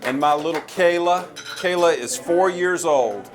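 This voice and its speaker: A man's voice: on the high side, a little slow, background noise. A man in his forties with a Southern American accent, giving an earnest, folksy campaign speech as a presidential candidate. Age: 40s. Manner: folksy, earnest storytelling with a crowd-rousing push.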